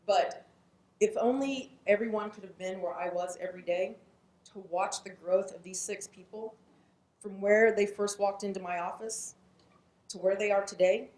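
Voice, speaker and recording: A woman on the edge of tears speaks earnestly at a graduation ceremony. Her voice sits at an ordinary pitch for a woman. It carries a roomy echo from the hall. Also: steady tone, moderate pace, darkish tone. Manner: earnest, storytelling. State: close to tears. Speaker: program staff speaker. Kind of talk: emotional graduation speech. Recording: echoey hall.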